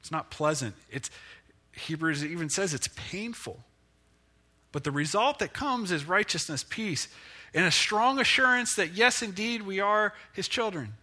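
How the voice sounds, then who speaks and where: A male pastor delivers a sermon in an easy, conversational way and pokes fun at himself now and then. His voice sits a bit high and is very bright and forward. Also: measured pace. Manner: conversational and self-deprecating, with lively pitch swings.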